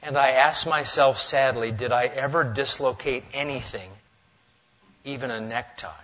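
A male pastor preaching a sermon in a church, lively and swinging between loud, emphatic lines and hushed asides. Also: mid-range voice, moderate pace, lo-fi sound. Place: church sanctuary.

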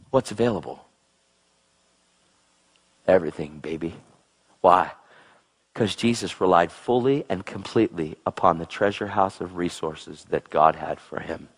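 A male preacher with a husky, slightly breathy voice delivers an excitable sermon. His pitch leaps about, dropping low and intense, then shooting up in exclamations. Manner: excitable, exclamatory, swings between low intensity and high outbursts.

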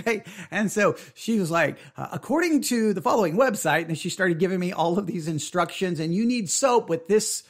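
A middle-aged man casually telling a personal story, animated, acting out his own panicked exclamations and often stammering into restarts. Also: high voice, a little fast, gravelly, few pauses.

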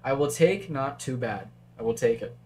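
A man's voice: medium pitch, expressive, moderate pace, darkish tone. Chatty male chess stream commentator. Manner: chatty, thinks aloud, reads chat. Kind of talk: casual live-stream commentary.

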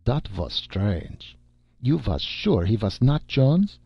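A man voicing a plump, kindly-seeming old German American swindler, speaking slowly and deliberately with a thick German accent. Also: medium pitch, very animated, breathy edge, no room sound, highs cut off, pitched above the performer's own voice, exaggerated voice. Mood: puzzled.

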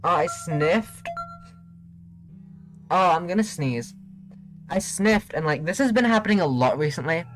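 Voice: medium pitch, lively intonation, unhurried, pauses often, soft background music. A streamer chatting casually during gameplay, playful and giggly, teasing chat.

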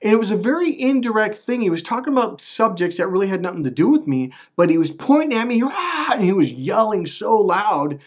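A man's voice: high voice, a little fast, few pauses, muffled recording. A man hosting a self-help video, talking casually to the camera and acting out quotes in a raised voice. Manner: animated, acts out quotes in a raised voice. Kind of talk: casual direct-to-camera talk.

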